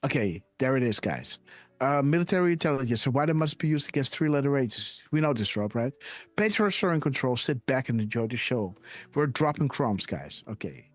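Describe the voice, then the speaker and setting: Excitable man with a lively, bouncing voice. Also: mid-range voice, a little fast, no echo. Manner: excitable, repeats "guys" and "right?", laughs often. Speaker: livestream host. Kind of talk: casual live commentary.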